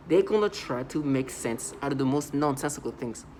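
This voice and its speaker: A man speaks in a loose, rambling vlog monologue at an ordinary middle pitch. He stumbles often, repeating words and restarting his sentences. A faint hiss of noise sits under his voice. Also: expressive, a little mellow. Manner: rambling, halting, many restarts and stammered repeats. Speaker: vlogger. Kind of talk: casual monologue to camera.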